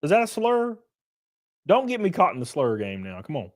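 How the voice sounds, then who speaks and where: A young man streaming, ranting casually with lots of swearing, jumping between loud outbursts and low mutters. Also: huge pitch swings, normal speed. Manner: profane, ranting, swings between loud and mumbled. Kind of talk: casual livestream chat.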